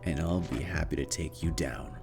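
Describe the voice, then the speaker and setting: A serious, confident gym leader who takes charge of the match, voiced by a male storyteller. His tone is calm and low, with a relaxed darkness and faint music under it. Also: fast talker, lightly acted.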